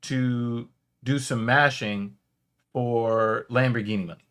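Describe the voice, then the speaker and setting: A man's voice: mid-range voice, steady tone, slow pace, fairly bright tone, clean tone. A man chats casually while hosting a watch party and reacting to clips. He swears freely and argues his points, often breaking into laughter. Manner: profane, laughing, argumentative.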